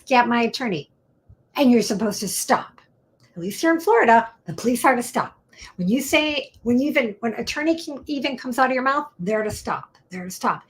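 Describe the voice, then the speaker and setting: A middle-aged woman, a defense attorney, explaining the law in a chatty, animated way and acting out quoted exchanges. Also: medium pitch. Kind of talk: casual explainer talk.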